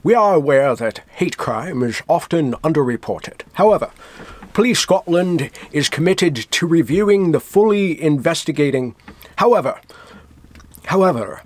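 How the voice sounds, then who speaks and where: A man doing a mock-solemn impression of a gruff older Scottish man while reading a police statement. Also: on the high side, expressive, moderate pace.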